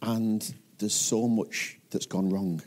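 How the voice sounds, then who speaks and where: Mellow northern English pastor preaching. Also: male voice, lowish voice, fairly even intonation, takes it slowly. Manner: earnest, questioning the listeners. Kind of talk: sermon.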